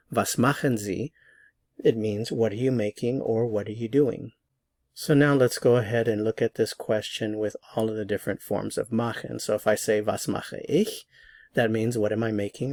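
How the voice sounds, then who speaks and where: A man teaching a language lesson in a clear, patient way, slowing down to say the example words. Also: medium pitch, darkish tone, dry recording, clean studio sound.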